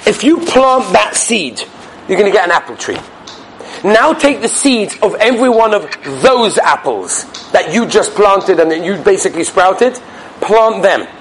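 A man teaching in a yeshiva, giving a sermon full of stories, animated and dramatic, sprinkling Yiddish and Hebrew words. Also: sits high, measured pace, slight background noise, low-quality recording. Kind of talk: sermon with storytelling.

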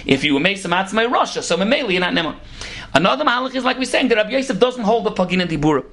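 Fast-talking man teaching Talmud. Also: high voice. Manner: rapid, animated explaining with Hebrew and Yiddish terms mixed into English. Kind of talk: Talmud lecture.

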